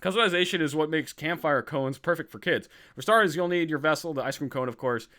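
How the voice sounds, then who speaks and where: A man hosting a live-streamed podcast in casual chat, excitable and reacting loudly while he reads a list aloud, hungry. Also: on the high side, fast talker. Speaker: podcast host.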